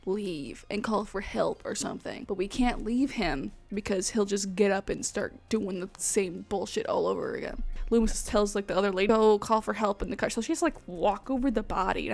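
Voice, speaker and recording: A woman hosting a casual movie recap, swearing freely and telling the story with animated energy. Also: medium pitch, moderate pace, gravelly, hardly any pauses, no room sound. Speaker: host.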